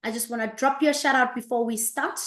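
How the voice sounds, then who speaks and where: Woman, thirties, upbeat live-stream host, fairly high voice, echoey room. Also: fast talker. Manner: energetic, repeats greetings, reads out viewers' locations. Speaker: host of an online business presentation.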